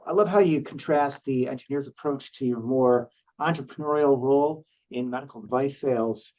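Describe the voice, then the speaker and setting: A man hosts a podcast interview at a middle pitch, set back from the microphone. He asks questions in a relaxed way and affirms his guest, with small fillers. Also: moderate pace, far from the mic, highs cut off. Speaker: podcast host.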